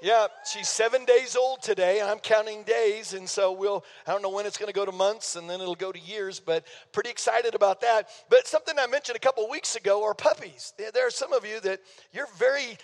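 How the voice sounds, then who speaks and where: A man's voice: high voice, brisk. An older man, preaching a sermon as pastor in a folksy, playful way. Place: church sanctuary. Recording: long reverb of a church hall.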